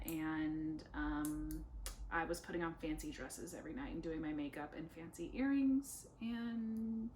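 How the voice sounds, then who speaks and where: A young woman speech therapist talks on camera from her living room. Her fairly high voice slows right down to model each practice question, then she drops in playful, self-teasing asides. A faint hiss sits under the recording. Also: fairly bright tone. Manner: slow, deliberate modeling of practice phrases.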